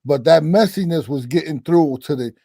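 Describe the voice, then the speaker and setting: On a casual livestream, a man who coaches boxing explains fight scoring, demonstrating as he goes. His voice is a little high and gravelly, at normal speed, in a dry recording.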